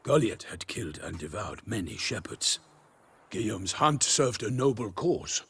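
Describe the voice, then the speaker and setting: An actor playing a solemn male knight, telling a grim tale in a game dialogue clip with a raspy voice. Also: lowish voice, sing-song, measured pace, fairly bright tone, exaggerated voice. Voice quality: gravelly, raspy.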